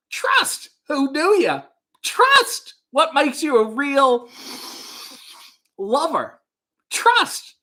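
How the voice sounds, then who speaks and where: A jittery high crooner. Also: male voice, sharp tone, full character voice. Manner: comic impression singing a pop song. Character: jittery high-voiced man crooning a love song.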